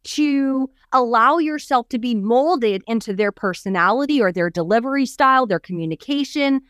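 Woman, high voice, very animated intonation, expressive storyteller, dry close sound. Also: normal speed, clean tone, no echo. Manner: expressive, acts out quoted voices, emphatic lists. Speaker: podcast co-host coach.

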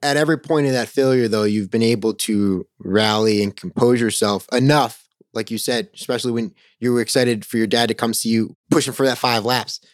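A male podcast host with a voice of middling pitch who reflects back on his guest's words and sums up each point. The sound is close and dry, with no room around it. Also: fairly even intonation, brisk, no echo. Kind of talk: interview.

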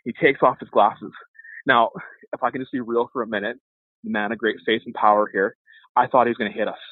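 A man, an evangelist guest, telling a lively testimony story and acting out the voices of the people in it. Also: mid-range voice, brisk, no room sound. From Canada. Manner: animated storyteller, acts out voices. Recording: tinny phone-like line.

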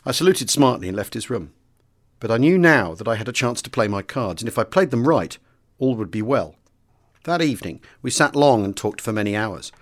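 Man reading a memoir, measured and formal. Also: mid-range voice, lively intonation. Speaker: audiobook reader. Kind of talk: scripted memoir narration.

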